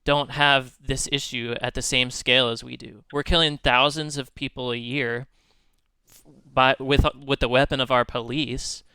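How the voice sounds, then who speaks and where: A man on a podcast making earnest arguments in quick runs. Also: medium pitch, flat delivery, sharp tone, clear, resonant tone, no room sound. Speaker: podcast guest. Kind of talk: casual podcast chat.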